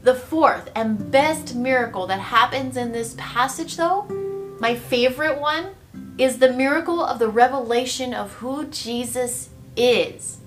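A woman's voice: fairly high pitch, measured pace, over music. A woman hosting a devotional podcast, teaching a Bible passage in a conversational way and often checking in with her listeners. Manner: animated storytelling, acts out the scene. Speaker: podcast host and pastor's wife.

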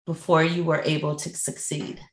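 A woman's voice: low-pitched, little pitch movement, normal speed. A woman, a mother and business coach, answering interview questions in an earnest, thoughtful way with many fillers. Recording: echoey room.

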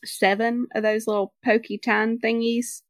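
A woman's voice: fairly high pitch, level tone, unhurried, dry recording, studio quality. A woman co-hosting a casual podcast, chatty and picky about details, reading summaries aloud. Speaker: podcast co-host. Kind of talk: casual chat.

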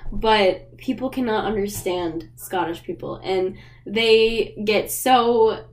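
A woman's voice: mid-range voice, takes it slowly. A woman co-hosting a casual podcast chat, giggly and chatty, explaining at length. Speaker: podcast co-host.

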